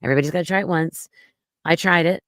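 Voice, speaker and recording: A woman being interviewed as a guest on a podcast, talking casually in a slow, gentle, reassuring way with plenty of fillers. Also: lowish voice, dry recording, studio quality. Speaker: podcast guest, mommy domme.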